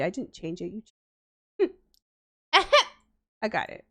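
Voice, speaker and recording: A woman's voice: mid-range voice, big pitch swings, takes it slowly, no room sound. A woman streamer chatting casually and playfully with her chat, giggly and gushing, from a home streaming setup on a desk mic.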